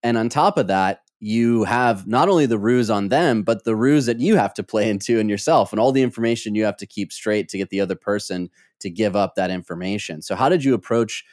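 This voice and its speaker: A male podcast host asking thoughtful, measured interview questions. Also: on the low side, darkish tone, dry recording, studio quality.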